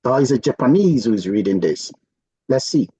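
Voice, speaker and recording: A man walking viewers through software on his screen, chatty and thinking aloud with frequent "okay"s. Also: mid-range voice, big pitch swings, normal speed, husky, no echo, low-quality recording. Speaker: software tutorial presenter. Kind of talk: casual screen-share tutorial.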